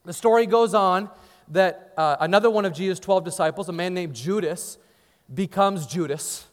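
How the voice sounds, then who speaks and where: High-voiced man preaching in a reverberant hall. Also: moderate pace. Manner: dramatic storytelling with acted-out dialogue. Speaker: pastor. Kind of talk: sermon.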